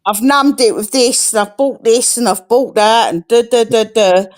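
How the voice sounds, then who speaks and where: A woman's voice: fairly high pitch, normal speed. A middle-aged woman from England in casual chat on a live stream, frank and chatty, swearing freely.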